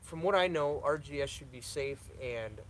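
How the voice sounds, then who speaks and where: A man's voice: mid-range voice, moderate pace, a bit bright, a little hiss or hum, poor audio. Young man answering lawn questions on a live stream. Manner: reads viewer questions aloud and answers them, repeats himself, stutters. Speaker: lawn care channel host.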